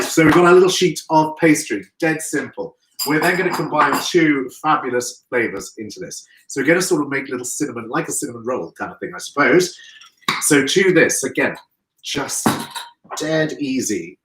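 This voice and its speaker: A man's voice: medium pitch, a bit bright, echoey room, slight background noise, low-quality recording. A man hosting a live cooking demonstration, chatty and playful, with asides to viewers.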